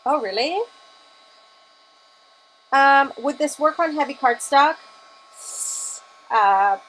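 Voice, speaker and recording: A woman's voice: high-pitched, lively intonation, takes it slowly, fairly bright tone. A woman teaching a live-streamed mixed media art class, chatty and enthusiastic as she demonstrates. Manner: chatty and enthusiastic, gushing over colors.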